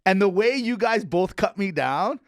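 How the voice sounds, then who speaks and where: A man co-hosting a sports podcast, telling stories in an excitable, teasing way. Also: high voice, moderate pace, no echo, clean studio sound. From Canada. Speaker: podcast co-host. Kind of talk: casual sports banter.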